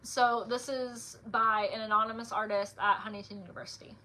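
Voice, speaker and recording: A young woman chatting casually and reading her own poems aloud on a livestream, with lots of "like" fillers between softer, quieter poem readings. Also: on the high side, steady tone, fairly quick. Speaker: author reading her poetry.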